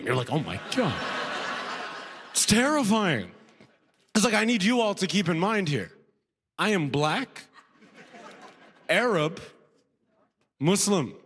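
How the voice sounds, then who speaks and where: A man with a fairly high voice doing a stand-up set in a live club. His talk is loose and conversational, and he keeps checking in with the crowd. A long reverb from the venue trails behind him, with faint noise underneath. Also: fairly bright tone. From Sudan. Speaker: stand-up comedian. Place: comedy club stage with audience.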